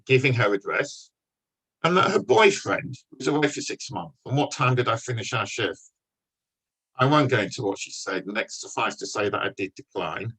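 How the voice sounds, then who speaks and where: An older man, a guest speaker telling wry, deadpan stories from his police career to an audience. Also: medium pitch, breathy edge, low-quality recording. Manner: dry, wry storytelling with deadpan punchlines. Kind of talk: anecdotal talk to an audience.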